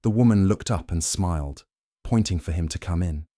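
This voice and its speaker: A man giving calm, slow, soothing scripted narration of a bedtime story, close to the mic. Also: low-pitched, dry recording.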